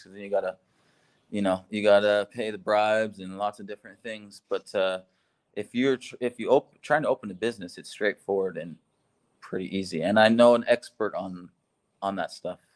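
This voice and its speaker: A man talking in a casual, upbeat way and laughing easily in a relaxed chat. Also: fairly low pitch, moderate pace. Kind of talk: casual video call chat.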